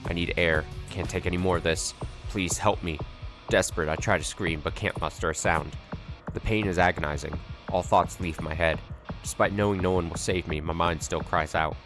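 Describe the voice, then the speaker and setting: A man's voice: sits low, fairly even intonation, moderate pace, music in the background. A man streaming a video game, reading its story text aloud dramatically and adding wry asides.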